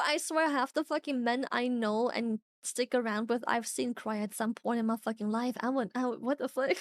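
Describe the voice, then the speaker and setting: A young woman streaming, chatting casually with viewers, animated, swearing often and laughing a lot. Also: high voice, dry recording, studio quality. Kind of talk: casual chat reacting to viewers.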